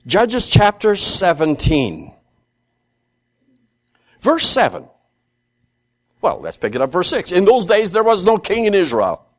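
A man's voice: slow pace, long pauses. A man teaching through a scripture passage, acting out the characters' lines and often repeating words while thinking aloud. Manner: animated, acts out the characters' lines with rising pitch. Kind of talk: expository Bible teaching.

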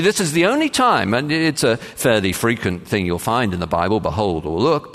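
A man preaching a sermon as pastor, measured and emphatic, with frequent pauses and "uh" fillers. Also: mid-range voice, a bit bright. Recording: long reverb of a large hall.

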